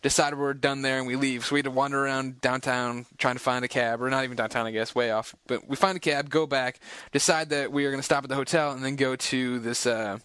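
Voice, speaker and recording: A young man, a podcast co-host, recounting a night out in quick, rambling casual chat. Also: mid-range voice, fairly even intonation, a bit bright, clean tone, no echo. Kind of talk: casual storytelling.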